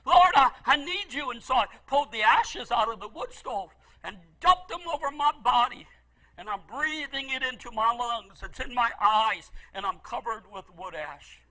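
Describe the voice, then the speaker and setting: Middle-aged preacher guy, really high bright voice, gets loud then drops to a hush telling his story. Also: animated, normal speed, low-quality recording. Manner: impassioned storytelling preacher, swings from loud pleading to hushed. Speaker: pastor. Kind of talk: sermon.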